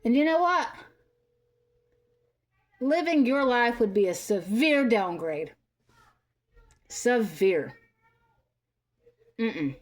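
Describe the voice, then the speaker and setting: A woman in her thirties delivering an angry, profane commentary rant, scolding bluntly. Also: mid-range voice. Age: 30s. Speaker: vlogger.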